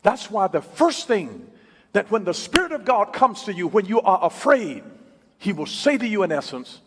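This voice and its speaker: Brief: male preacher, high and lively voice, emphatic repeats, long hall echo. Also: normal speed, slightly rough. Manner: emphatic, repeats key phrases, swings from loud to hushed. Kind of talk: sermon.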